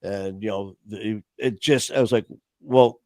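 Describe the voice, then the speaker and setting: A man's voice: fairly low pitch, steady tone, moderate pace, no echo. A man hosting a casual talk show, telling stories in an impassioned, rambling way full of "you know" fillers. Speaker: host of a recovery talk stream.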